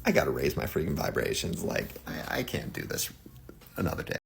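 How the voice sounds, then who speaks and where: A man's voice: rumbling low, very animated, fairly quick, gravelly. A man talking casually to his viewers in a vlog, chatty and often checking in with them. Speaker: social media creator.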